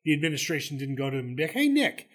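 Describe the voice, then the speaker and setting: A man with a Southern accent, co-hosting a casual sports talk show and cutting in with animated opinions. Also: mid-range voice, very fast, husky. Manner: animated, talks over his co-host. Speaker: co-host.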